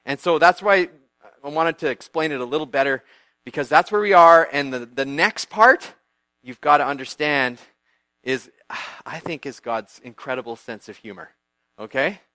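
A man giving a church youth group talk, retelling a Bible story in a lively way, acting out characters and quizzing his listeners. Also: a little high, moderate pace, no room sound.

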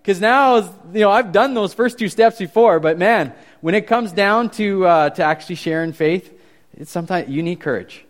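Male youth pastor, young adult, slightly high-pitched, animated conversational sermon delivery. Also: normal speed. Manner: animated, conversational preaching with frequent restarts.

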